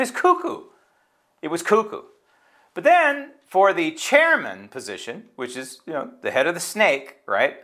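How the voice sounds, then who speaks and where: A man's voice: medium pitch, bright, forceful tone. A middle-aged man from the United States hosting his political commentary show, talking in an indignant, sarcastic, conversational way. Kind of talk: opinion commentary monologue.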